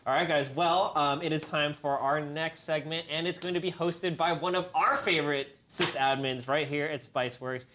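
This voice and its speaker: A man's voice: fairly high pitch, fairly even intonation, moderate pace, few pauses, sharp tone, a little hiss or hum. Friendly man hosting a webcast panel. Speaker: webcast host. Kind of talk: casual panel chat.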